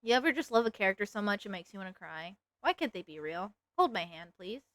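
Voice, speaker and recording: Chatty young woman streamer, lively voice. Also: mid-range voice, fast, no echo. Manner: chatty, giggly, self-mocking. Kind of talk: casual live-stream chat while drawing.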